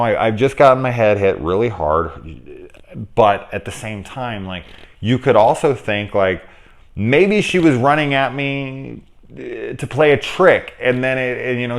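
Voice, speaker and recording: A man talking casually through a movie review, rambling, correcting himself, and getting lively when he retells scenes. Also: deep voice. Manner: rambling, conversational, self-correcting. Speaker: film reviewer.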